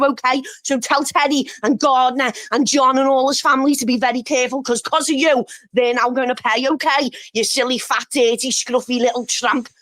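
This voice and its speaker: Furious high-pitched Scouse woman. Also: dry recording. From Liverpool. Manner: abusive, shouting insults, threatening. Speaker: caller. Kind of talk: angry livestream call-in.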